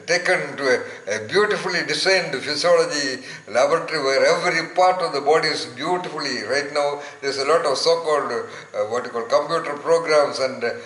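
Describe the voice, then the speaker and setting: A man giving an informal spiritual talk to listeners, emphatic and rambling, often pausing to search aloud for words. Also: on the high side, sharp tone, reverberant, low-quality recording.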